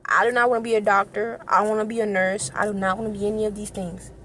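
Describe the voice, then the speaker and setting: A woman's voice: mid-range voice, flat delivery, fast, fairly bright tone, a little hiss or hum. A young woman vlogging in an earnest, passionate way, often repeating herself. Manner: earnest, passionate, repetitive, tearful at times. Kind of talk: emotional personal vlog.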